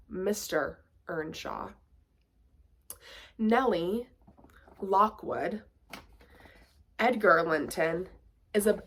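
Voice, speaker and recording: A woman's voice: on the low side, fairly bright tone, slight background noise. A woman giving a casual vlog book review, chatty and full of "like" and playful sarcastic asides.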